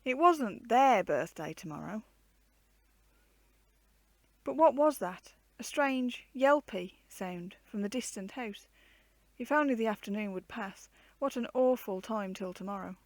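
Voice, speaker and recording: A woman reading a children's storybook aloud with an expressive, varied storytelling delivery. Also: on the high side, measured pace, no room sound.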